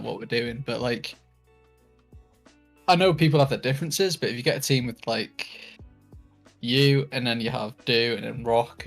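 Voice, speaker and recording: Guy on a live stream podcast, kinda husky, rambly and sweary, little music in the back. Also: mid-range voice. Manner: rambling, laughs often, swears. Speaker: podcast co-host. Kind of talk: casual banter on a live stream.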